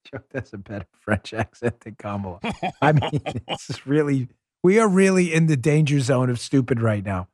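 A man's voice: mid-range voice, expressive, moderate pace, darkish tone, dry recording, studio quality. A man hosting a political talk show, delivering an emphatic, sarcastic monologue full of rhetorical questions.

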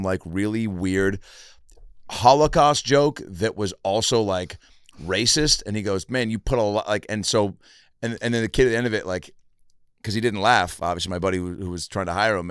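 Male podcast host, deep voice, dry close sound, loose filler-heavy storytelling. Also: a little fast, clear, resonant tone, dry recording. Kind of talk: casual podcast chat.

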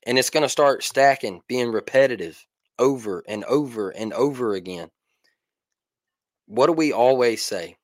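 Man, hoarse voice, animated sports podcast chatter, quick laughs, dry close mic. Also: mid-range voice, dry recording. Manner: excited, laughs often. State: hoarse, losing his voice. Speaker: podcast co-host. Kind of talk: casual sports talk.

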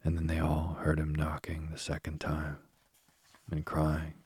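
Deep gravelly guy reading a fairy tale, super flat and husky. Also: dry recording. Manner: slow, even, monotone. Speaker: narrator. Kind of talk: storybook reading.

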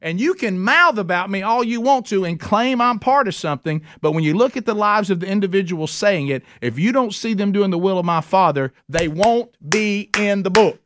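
A man's voice: high voice, animated, moderate pace, few pauses, a bit bright. A middle-aged man teaching a men's Bible study in an earnest, emphatic, folksy way. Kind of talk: conversational sermon teaching.

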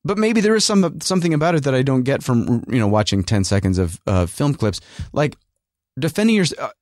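A man's voice: mid-range voice, big pitch swings, fairly quick, a little mellow, no echo, clean studio sound. A man hosting a casual solo rant, rambling and sarcastic, full of fillers and restarts. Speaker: podcast host and working actor.

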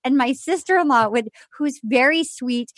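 A woman with a high voice tells stories on a podcast, acting out the people she quotes. Her voice is recorded close and dry, with no room sound. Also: normal speed, no echo. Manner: animated storyteller, acts out quotes. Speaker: podcast co-host. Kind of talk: casual chat.

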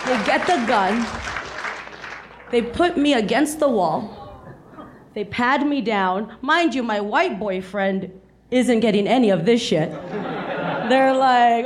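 Woman in her 30s from South Texas, high bright voice, animated stand-up delivery, live audience heard. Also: measured pace, some chatter behind. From South Texas, USA. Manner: chatty, laughing, animated storytelling. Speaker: stand-up comedian. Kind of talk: stand-up comedy set. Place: comedy stage before a live audience. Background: audience laughter.

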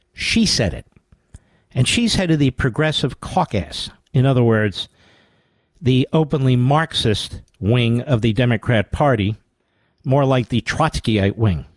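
A man's voice: medium pitch, no echo. A man hosting a political talk radio show, delivering sarcastic, combative commentary.

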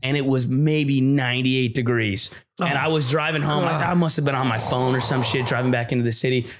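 A man co-hosting a comedy podcast, telling a story in a loose, animated way. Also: medium pitch, fairly quick, a loud crowd. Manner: animated storyteller, acts out other voices. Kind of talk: casual storytelling chat.

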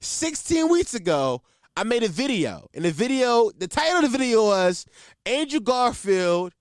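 Animated, loose-talking man with a lively voice. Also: high-pitched, clean tone, no room sound, clean studio sound. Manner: loose and emphatic, heavy on "like" and profanity. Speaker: podcast host. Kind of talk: casual movie review chat.

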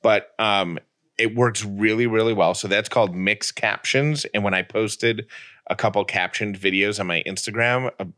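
Bright-voiced, dry-joking male co-host. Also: lowish voice, fairly even intonation, moderate pace. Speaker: podcast co-host. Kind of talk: casual chat.

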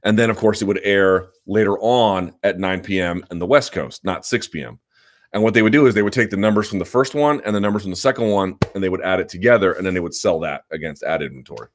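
A man's voice: low-pitched, fast. A man hosting a live chat, answering viewer questions in a rambling, self-assured way, often restarting his sentences. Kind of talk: live chat, casual and opinionated.

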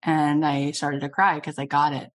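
Low-voiced woman telling lively stories. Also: normal speed. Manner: animated storyteller, lively, laughs often. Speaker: podcast host. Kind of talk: conversational interview.

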